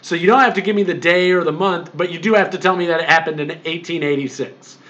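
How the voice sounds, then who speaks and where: A man with a fairly high voice lectures on exam expectations as a history instructor. He explains plainly and with emphasis, repeats himself often, and fills gaps with "uh" and "um." The recording sounds muffled and lo-fi. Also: fast, a bit bright.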